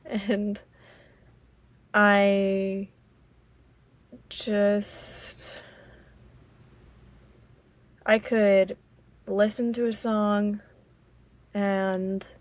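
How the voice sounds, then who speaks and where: An American woman from Maryland hosting a casual solo podcast, rambling and halting with many fillers. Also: mid-range voice, level tone, no echo. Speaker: podcast host.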